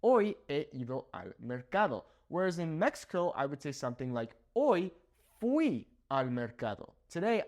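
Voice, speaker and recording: A young Spanish teacher, a native English speaker from Southern California, runs a language lesson, tagging "okay?" onto nearly every point. He speaks at a medium pitch.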